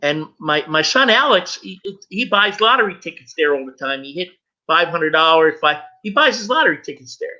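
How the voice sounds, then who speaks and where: A middle-aged man with a high, bright, sharp voice tells his own story. He halts and repeats himself when the story gets heavy, and the recording sounds dull and lo-fi. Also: very animated. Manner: halting, stumbles and repeats words when moved. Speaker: guest. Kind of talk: emotional personal storytelling.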